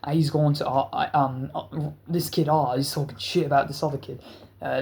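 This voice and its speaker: A man's voice: a little high, steady tone, normal speed, creaky, darkish tone. A man telling a wild story in a rambling, profane, casual way, full of restarts.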